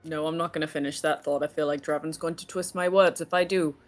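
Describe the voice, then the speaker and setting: A man's voice: fairly high pitch, steady tone, faint music behind. A man playing a tabletop game who halts and cuts himself off mid-thought. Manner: halting, self-interrupting. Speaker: player. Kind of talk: casual tabletop play.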